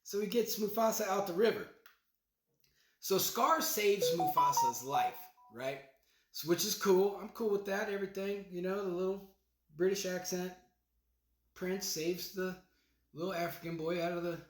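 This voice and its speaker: A man hosting his own podcast, rambling casually with loose slang and many restarts as he breaks down a movie trailer. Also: high-pitched. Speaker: podcast host. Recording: echoey room.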